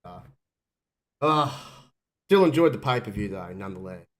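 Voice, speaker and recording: A man's voice: lowish voice, big pitch swings, normal speed. A man hosting a casual wrestling chat while sick with covid, coughing now and then and rambling through restarts. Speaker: podcast host.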